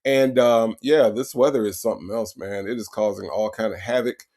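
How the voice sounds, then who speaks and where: A man's voice: lowish voice, steady tone, normal speed, darkish tone. A man hosting a casual livestream, reading out viewers' names from the chat and greeting each one with repeated hellos. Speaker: livestream host. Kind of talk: casual livestream shout-outs.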